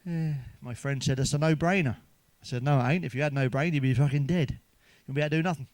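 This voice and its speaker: A man's voice: fairly high pitch, fast talker, darkish tone, no room sound. A man telling crude jokes in a sweary monologue, chuckling at his own punchlines. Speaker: stand-up comedian.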